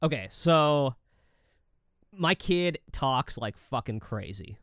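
A man in his thirties co-hosting a casual podcast, telling swearing, animated family stories and acting out the voices. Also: mid-range voice, takes it slowly, no room sound, clean studio sound. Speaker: podcast co-host. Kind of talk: casual chat.

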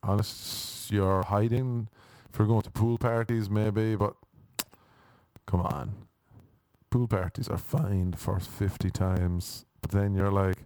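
A man's voice: fairly low pitch, level tone, takes it slowly, a little mellow, no room sound. A man doing a rambling, self-deprecating comic monologue, dropping wry asides and slipping into mock voices.

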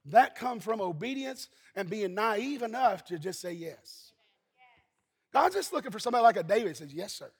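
A pastor from Eastern Kentucky preaching a sermon, telling folksy stories and breaking into shouts. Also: male voice, high voice, lively intonation, moderate pace. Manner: folksy storytelling, bursts into shouting. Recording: husky voice in a long-reverb hall.

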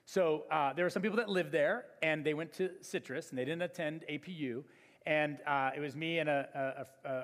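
A male pastor preaching a sermon, telling stories in an animated way with many fillers and restarts. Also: a little high. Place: church hall. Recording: long church hall reverb.

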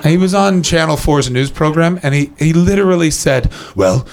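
A male stand-up comedian with a gravelly, creaky voice works the crowd on a club stage. His delivery is wry and teasing, with casual swearing, close on a handheld mic. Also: fairly high pitch, moderate pace. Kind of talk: improvised stand-up with crowd work.

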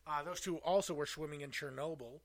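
A man's voice: fairly high pitch, a little fast, crowd noise. A man co-hosting a podcast, telling a rambling anecdote in casual chat. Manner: rambling anecdote with fillers and laughs. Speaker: podcast co-host.

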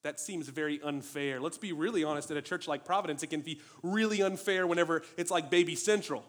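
A male preacher delivering a sermon with a slightly raised pitch. He speaks in an animated, emphatic way, pressing his points with rhetorical questions. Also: a little fast.

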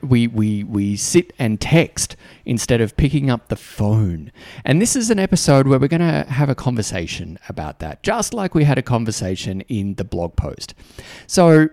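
Slow, lively-pitched man hosting. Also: no echo. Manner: reflective and conversational, with frequent restarts and repeated words. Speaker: podcast host. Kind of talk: solo podcast monologue.

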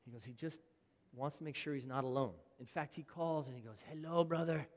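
A man's voice: medium pitch, fairly quick. Earnest man preaching in a reverberant hall. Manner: earnest, conversational preaching with quoted scripture. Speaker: pastor. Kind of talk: sermon.

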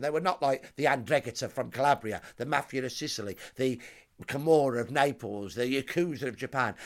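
A man, a historian guest telling a vivid story with emphatic, dramatic lists. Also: medium pitch. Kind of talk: storytelling explanation.

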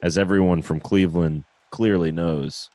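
A man's voice: deep voice, steady tone, moderate pace, warm tone, no echo. A young man hosting a podcast in loose, laughing casual chat, swearing freely. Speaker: podcast host.

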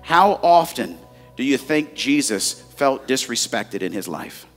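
A man's voice: mid-range voice, very animated, unhurried, faint music behind. A man in his forties preaching a sermon as a pastor, telling candid, self-mocking stories and addressing the crowd as guys.

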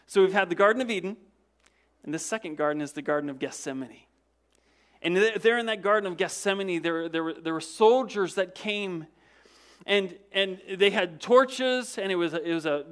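A pastor preaching a sermon, retelling events dramatically. He repeats words as he goes, asks the congregation rhetorical questions, and swings from loud emphasis to hushed, low passages. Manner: dramatic storytelling with frequent word repetitions and restarts.

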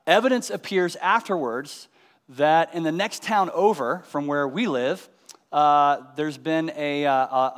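A man's voice: on the high side, big-room sound. A man giving a teaching sermon, explaining scripture and asking his listeners rhetorical questions. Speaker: Bible teacher.

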